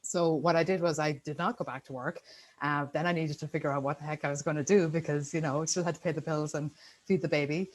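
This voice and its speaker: A woman's voice: sits low, steady tone, quick pace, poor audio. A middle-aged woman with an Irish accent, giving a chatty, upbeat talk as a guest speaker on a video call, with many fillers. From Ireland. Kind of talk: casual presentation on a video call.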